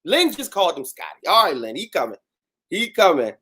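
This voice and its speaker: A man's voice: on the high side, brisk, slightly rough. A man hosting a casual livestream chat, reading viewer comments and talking to them with slang. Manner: animated, talks to viewers with slang. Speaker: host.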